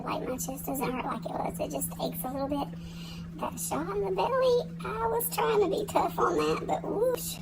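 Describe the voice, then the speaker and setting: A woman's voice: on the high side, gravelly, noisy background. A tired woman chatting casually to camera from a hospital room, in a folksy, rambling way. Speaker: vlogger.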